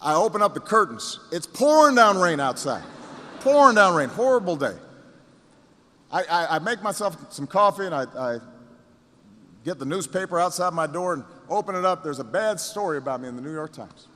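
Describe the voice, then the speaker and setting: In a reverberant hall, a male political candidate delivers a rally speech built around a story, using repetition and pauses until he reaches rousing shouts. He sounds animated, with a voice that's a little high.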